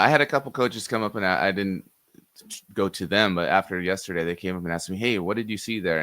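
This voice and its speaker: A man hosting an interview who also works as a referee, asking relaxed questions. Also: low voice, dry recording, clean studio sound. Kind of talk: casual interview talk.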